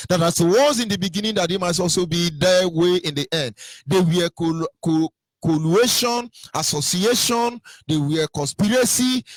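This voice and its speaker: A Nigerian man in a heated political monologue, swinging between loud sing-song mockery and low muttering. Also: dry recording.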